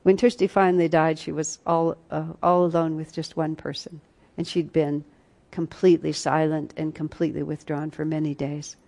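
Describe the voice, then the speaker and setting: Woman, retreat teacher; low, warm voice; earnest, reflective storyteller. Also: flat delivery, normal speed. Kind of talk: spiritual teaching talk with personal stories.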